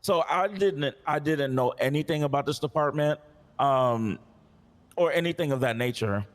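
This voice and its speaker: A man's voice: fairly high pitch, normal speed, big-room sound. A man playing a police officer in a role-play game, frustrated and recounting past conversations in detail. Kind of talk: in-character role-play complaint.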